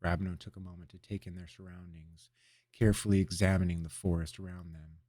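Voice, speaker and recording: A man narrating a fantasy story aloud in a measured, expressive storytelling manner. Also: low voice, no room sound, clean studio sound. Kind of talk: audiobook reading of a fantasy story.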